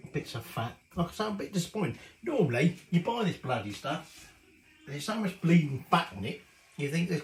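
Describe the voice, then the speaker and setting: A man's voice: fairly high pitch, roomy sound, slight background noise, low-quality recording. A middle-aged man, rambling casually and swearing mildly as he cooks in his home kitchen. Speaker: cooking show host. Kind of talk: casual cooking vlog chat.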